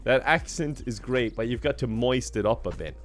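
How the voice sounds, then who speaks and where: Faint music sits behind this gaming streamer, whose medium-pitched voice is expressive at a moderate pace. He rambles in casual chat with his viewers, laughs frequently, and reads out and thanks chat donations.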